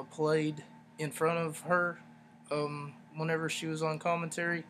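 A man's voice: on the high side, fairly bright tone, slight background noise. A man hosting a solo podcast, ranting and rambling sarcastically with lots of fillers. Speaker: podcast host. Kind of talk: casual solo podcast review.

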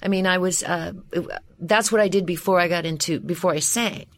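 A middle-aged woman with a slightly low-pitched voice talks shop as a voice coach in a relaxed podcast interview. She sounds eager and expressive as she explains her ideas. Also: brisk. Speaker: voice coach and voice actress.

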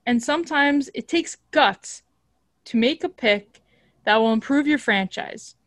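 A woman reading the part of a male team executive in a casual script read, measured and formal. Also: sits high, lively intonation, a bit bright, dry recording, studio quality. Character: male team executive defending his player.

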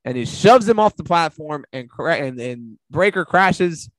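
Male host, lively swings in pitch, loose and profane, dry close sound. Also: a little slow, dry recording. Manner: animated, swearing, rambling with fillers. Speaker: podcast host. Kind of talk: casual recap chat.

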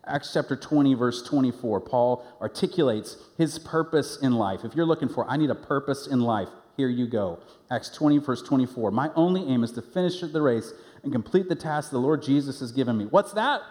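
Man, middle-aged, pastor, sermon, animated storyteller, echoing hall. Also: fairly high pitch, normal speed. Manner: animated storytelling, acts out quoted voices. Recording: long hall reverb.

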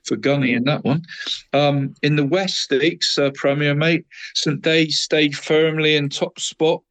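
A man's voice: fairly high pitch, fairly even intonation, a little slow, fairly bright tone, poor audio. A man co-hosting a football podcast, running through local results in a casual, chatty way, dropping "mate" into nearly every phrase and often restarting his sentences. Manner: stumbles and restarts a lot.

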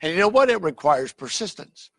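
A male pastor preaching a sermon, telling stories in an animated way and acting out the scenes, with a husky voice. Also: a little high, a little fast, no room sound. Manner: animated storytelling, acts out scenes.

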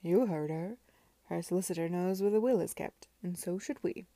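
A woman voicing a callous, scheming young gentleman who speaks in a cold, pushy way. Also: fairly low pitch, moderate pace, no room sound, close to an everyday voice.

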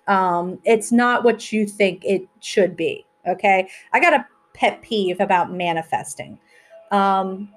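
A woman hosting her own podcast, talking in a chatty, rambling way and poking fun at herself as she goes. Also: mid-range voice. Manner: chatty, rambling, self-mocking. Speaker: podcast host. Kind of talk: casual solo podcast chat.

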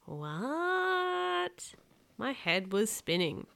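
A woman in her thirties reading a children's book aloud, lively and expressive. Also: mid-range voice, normal speed.

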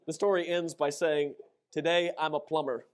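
A middle-aged man preaching a sermon, telling funny personal stories with lively acted-out quotes. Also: a little high, normal speed. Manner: animated storytelling, acts out shouted quotes. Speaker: pastor.

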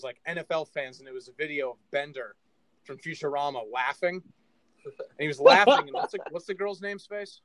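A rowdy, animated man rattles through a sports chat at a quick clip, swearing constantly. His voice sits a touch high, and it is recorded dry and close. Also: no room sound, poor audio. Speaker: sports podcast co-host. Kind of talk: casual chat.

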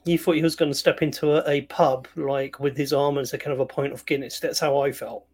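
A man's voice: mid-range voice, level tone, fairly quick, a little mellow. A man co-hosting a film review podcast, chatting in an easygoing, agreeable way. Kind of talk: casual chat.

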